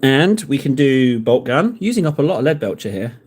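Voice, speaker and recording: A man's voice: mid-range voice, big pitch swings, moderate pace, a little mellow. A man chatting casually and rambling in jokes to his viewers while he paints models on a live stream. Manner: rambling, jokey, talks to viewers in chat.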